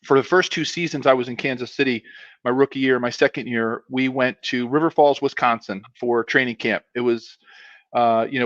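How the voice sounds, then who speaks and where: A man's voice: mid-range voice, a bit bright, no echo. Rambling man in his fifties, dull audio. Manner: rambling, with many restarts and asides. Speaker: guest, former pro football player. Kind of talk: casual anecdote telling.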